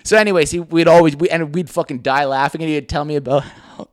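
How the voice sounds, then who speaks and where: A man's voice: on the high side, quick pace, no echo, clean studio sound. A young man, co-hosting a podcast and telling stories in a casual, swearing, giggly way. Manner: animated, swearing, giggling, mimics voices in stories. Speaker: podcast co-host. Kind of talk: casual storytelling chat.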